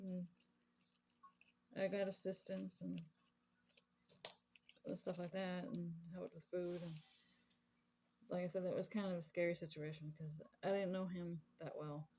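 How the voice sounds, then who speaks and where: A woman's voice: on the low side, level tone, measured pace, long pauses, mellow, a little hiss or hum, rough recording. A woman in her thirties casually telling a candid, rambling personal story, full of fillers, while crafting at her desk. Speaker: crafting vlogger.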